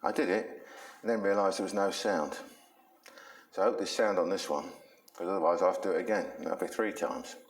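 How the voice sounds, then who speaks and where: Man, low voice, self-defense instructor, chatty slangy storytelling, echoey training room. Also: fairly even intonation, fairly quick. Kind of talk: casual instructional talk with demonstration. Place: training room with a punching bag.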